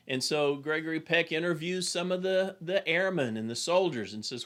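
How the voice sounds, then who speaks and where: A man's voice: on the high side, normal speed, few pauses, fairly bright tone. A man who is an executive coach, giving a recorded business lesson in an earnest, plain and direct storytelling manner.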